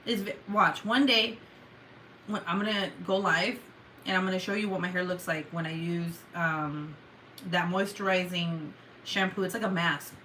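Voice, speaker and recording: A woman's voice: on the low side, fairly even intonation, normal speed, pushed and bright, a little hiss or hum, low-quality recording. A woman with a Mexican Spanish accent, a native Spanish speaker, hosting a casual livestream chat and reading out viewer comments in a chatty, profane way, with lots of "like" and "um". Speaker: livestream host.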